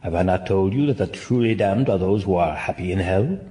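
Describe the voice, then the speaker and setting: A man's voice: low voice, a little fast, warm tone, close to an everyday voice. An actor playing a weary, sardonic nobleman damned to hell, in a classic stage-play delivery. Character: weary, ironic damned nobleman, male adult.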